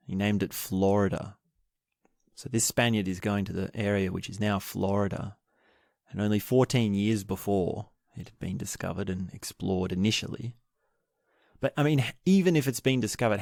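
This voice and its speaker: Lower-voiced man musing through a story. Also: vocal fry, no echo, clean studio sound. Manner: thinking aloud with restarts and asides. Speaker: podcast host. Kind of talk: casual book discussion, retelling a story.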